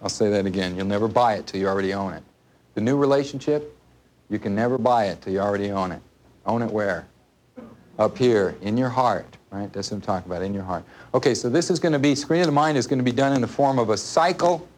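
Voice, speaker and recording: This adult man, a parent of a small child, is a workshop instructor running an in-person seminar. He speaks quickly in a lowish, slightly mellow voice, keeping things casual while repeating himself and quizzing his listeners.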